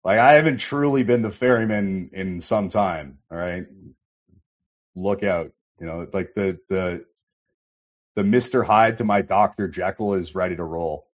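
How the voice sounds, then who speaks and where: Deep-voiced man, rambling and profane. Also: measured pace, dull audio. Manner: rambling, profane, many fillers. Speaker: livestream host reading chat. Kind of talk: casual livestream chat.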